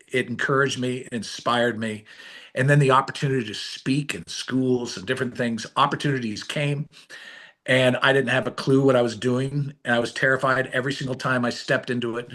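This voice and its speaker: A middle-aged man, an author and illustrator, telling his story in an interview, swinging between hushed and excited delivery. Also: mid-range voice.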